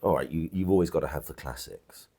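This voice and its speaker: An English pub landlord talks casually in an interview at the bar of a country pub, his bass voice fast, warm, and edged with breath. He's blunt and chatty, full of restarts and asides.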